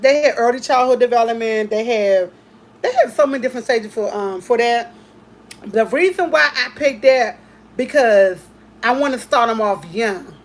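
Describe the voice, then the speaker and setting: A woman hosting a casual chat, talking in an emphatic, repetitive way with heartfelt excitement. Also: a little high, moderate pace. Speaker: host.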